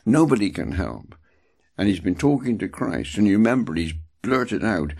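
Man preaching a bible talk, husky and gravelly, voice swooping all over, stresses words twice. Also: normal speed. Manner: emphatic, repeats words, animated swings in pitch.

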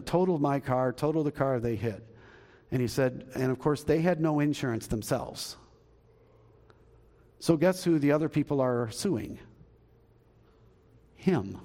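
A man's voice: mid-range voice, darkish tone, big-room sound. A male pastor telling a story in a sermon and then leading a closing prayer, acting out the voices he quotes. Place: church sanctuary.

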